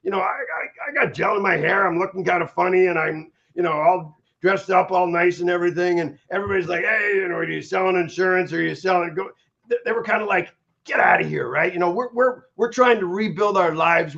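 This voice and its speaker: A man's voice: high voice, fairly quick. A middle-aged man giving an emphatic personal testimony as an interviewee, with many restarts and repeated words. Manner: energetic, repetitive restarts, emphatic. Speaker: interviewee, stroke survivor. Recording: dull lo-fi recording.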